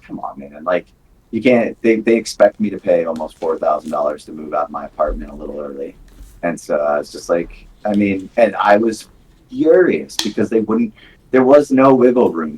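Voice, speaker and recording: A man's voice: deep voice, normal speed, darkish tone, a little hiss or hum, low-quality recording. A man who served in the military, talking candidly in a casual podcast chat, rambling with many fillers. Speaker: podcast co-host, veteran.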